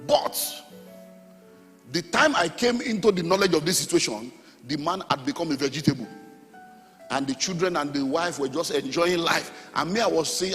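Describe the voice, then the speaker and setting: Nigerian man, middle-aged pastor, fairly high voice, lively sermon with shouts, echoing church hall, faint music. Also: moderate pace. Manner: animated, preaching with sudden shouts and sung phrases.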